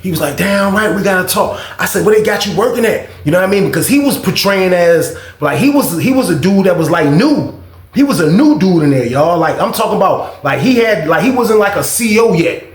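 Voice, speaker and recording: A man telling a personal story in a casual vlog, animated and profane, acting out both sides of the dialogue. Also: sits high, brisk, echoey room.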